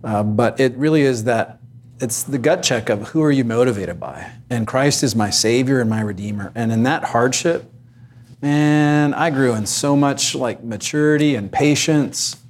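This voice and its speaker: A man's voice: medium pitch, normal speed. A man, a pastor, candidly sharing a personal story of hardship on a Christian panel. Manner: candid, reflective.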